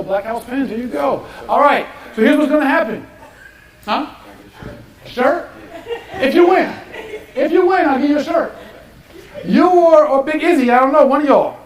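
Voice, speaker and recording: Hosting a live game show on a stage, a man whips up the crowd with plenty of energy, his voice pitched very high for a man. The mic sits at a distance, so the venue's echo rings through, with the studio audience audible in the background.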